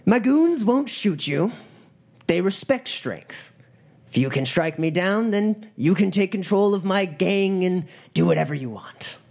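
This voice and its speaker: A game master voicing a masked, ruthless male gang leader who preaches slow, sermon-like menace to recruits. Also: mid-range voice, animated, vocal fry, voice pushed up. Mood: menacing.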